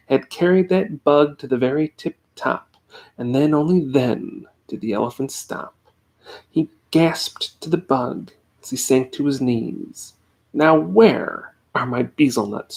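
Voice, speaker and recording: Male reader, home USB mic, slightly gravelly, playful bedtime-story read. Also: medium pitch. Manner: lively voices for the characters. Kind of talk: reading a children's story aloud. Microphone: USB desk microphone on a tripod.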